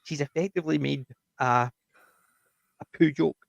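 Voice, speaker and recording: A man with a gravelly, creaky voice talks through a TV episode in casual chat. He rambles and restarts as he retells scenes. His voice is recorded close and dry, with no room sound. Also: on the high side, moderate pace, no echo, lo-fi sound. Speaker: TV review podcast co-host.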